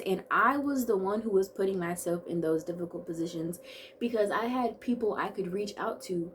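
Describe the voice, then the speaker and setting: A woman in her twenties vlogging in a chatty, bubbly way, full of quick asides and playful self-talk. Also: medium pitch, animated, slight background noise. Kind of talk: casual chat to camera.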